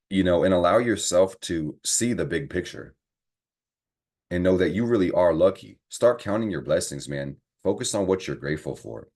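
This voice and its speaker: A man giving a casual astrology and tarot reading to camera, talking in a slangy, profane, encouraging way. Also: a bass voice. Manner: slangy, profane, animated pep talk.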